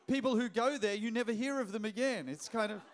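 A middle-aged Australian pastor with a fairly high voice tells a story from the pulpit. He jokes along the way and often restarts his sentences as he preaches. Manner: lively, joking, with quick restarts. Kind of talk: sermon storytelling.

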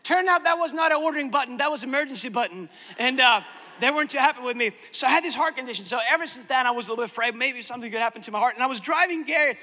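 A male preacher tells a funny story about himself in an animated, dramatic way. His voice sits very high and sounds strikingly bright and sharp. It rings out with the long reverb of a big hall. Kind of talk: sermon with comic storytelling.

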